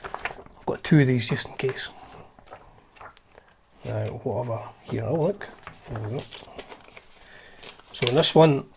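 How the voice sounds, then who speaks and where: A man's voice: mid-range voice, slow pace, gravelly, long pauses, noisy background. A man hosting a guitar channel, chatting casually and wryly through old magazines, with lots of fillers and restarts.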